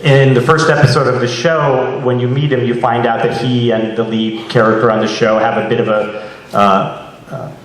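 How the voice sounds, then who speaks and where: A man's voice: medium pitch, normal speed. Laughing actor man in an echoey room. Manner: animated, laughing storyteller with many restarts. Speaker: actor and guest. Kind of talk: casual chat. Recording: echoey room, distant mic.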